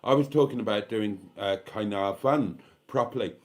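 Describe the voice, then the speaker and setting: A man's voice: lowish voice, moderate pace. A tired, slightly tipsy British man in his fifties, chatting casually on a live stream and reading out viewer comments, swearing now and then. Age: 50s. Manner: chatty, swearing, self-deprecating. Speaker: vlogger hosting a live stream.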